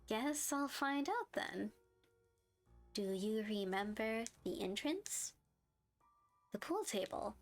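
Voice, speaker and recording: A woman's voice: on the high side, lively intonation, slow, long pauses, soft background music. A young woman streaming a game live, chatting and giggling as she reads her chat aloud and reacts to the story.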